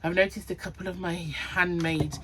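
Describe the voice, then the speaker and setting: A woman's voice: on the low side, steady tone, moderate pace, slight background noise. A woman hosting a knitting podcast, chatting casually about her projects and counting rows and sizes under her breath. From Cornwall. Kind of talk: casual chat.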